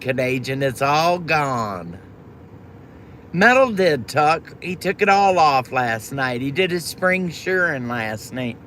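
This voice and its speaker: A woman's voice: low voice, fairly bright tone, slight background noise. A woman hosting a livestream, chatting affectionately with viewers by name and pet names. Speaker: livestream host. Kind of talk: casual chat with viewers.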